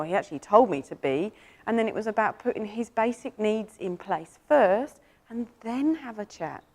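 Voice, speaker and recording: Animated woman giving a talk. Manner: animated, enthusiastic storytelling with sudden jumps up in pitch. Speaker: animal communicator. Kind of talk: live presentation to an audience.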